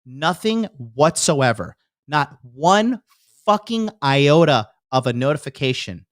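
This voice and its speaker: A man's voice: on the high side, animated, slow pace, no echo, studio quality. A man hosting a podcast, telling a heated story in a casual, profane rant and acting out the people he quotes. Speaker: podcast host. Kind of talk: casual ranting monologue.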